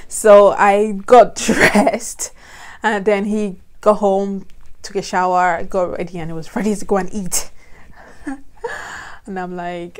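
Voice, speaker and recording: A woman's voice: medium pitch, steady tone, a little slow, darkish tone. A young woman from Nigeria, a vlogger telling a personal story in a chatty way and laughing often. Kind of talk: casual storytelling.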